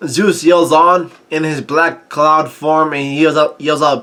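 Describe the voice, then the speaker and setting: A man casually recapping a manga chapter, halting often with restarts and self-corrections. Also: fairly high pitch, little pitch movement, sharp tone. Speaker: manga reaction host.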